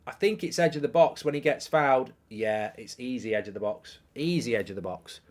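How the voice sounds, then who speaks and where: Excitable man hosting a football watchalong. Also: mid-range voice, brisk. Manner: excitable, reads viewer messages aloud, repeats himself. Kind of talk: live match commentary and chat with viewers.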